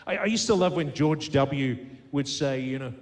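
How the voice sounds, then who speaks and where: A man's voice: mid-range voice, moderate pace. A man from Australia with an Australian accent, telling upbeat self-deprecating comic stories and laughing at his own jokes. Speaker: comedian impressionist. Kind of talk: stand-up storytelling. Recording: live studio audience noise.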